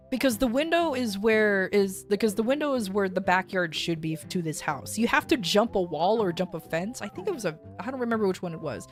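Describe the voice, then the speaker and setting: A woman streamer casually telling a long story, rambling with many fillers and restarts. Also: a little high. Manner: rambling, filler-heavy, animated retelling.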